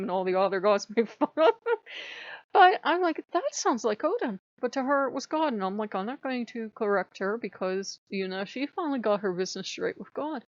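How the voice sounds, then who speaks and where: A woman's voice: medium pitch, no echo, lo-fi sound. A tired woman talking late at night in a rambling, candid vlog monologue, self-mocking and swearing now and then. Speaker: pagan spiritual vlogger. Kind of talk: casual spiritual vlog monologue.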